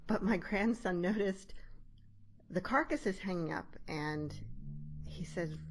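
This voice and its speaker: A woman's voice: low voice, moderate pace, slight background noise. An older woman, a grandmother hosting an interview, telling stories in a chatty way and laughing often. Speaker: host. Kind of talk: conversational interview.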